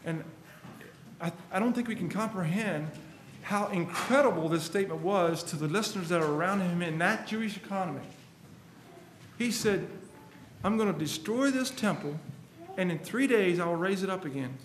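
A man with a high, emphatic voice delivers a sermon and reads scripture passages aloud. He sounds earnest throughout. The recording rings with the echo of a roomy space and carries a faint background hum. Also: expressive, normal speed. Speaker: preacher.

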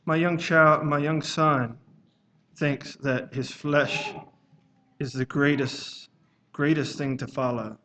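A man with a fairly high voice delivers a sermon in a measured, halting way, pausing often between phrases. He reads scripture aloud in old-fashioned wording. A faint hiss sits under his voice. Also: fairly even intonation, bright, forceful tone. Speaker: preacher.

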